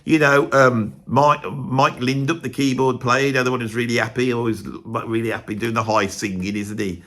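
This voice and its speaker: A man's voice: mid-range voice, level tone, normal speed, a bit bright. Rambling, opinionated man. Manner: chatty, rambling, emphatic, peppered with "right". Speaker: musician and video host. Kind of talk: opinionated music countdown vlog.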